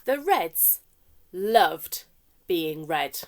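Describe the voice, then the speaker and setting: A young woman leading a children's story time with warm-up games, talking in a sing-song way that swings from whispers to shouts. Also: medium pitch, animated, moderate pace.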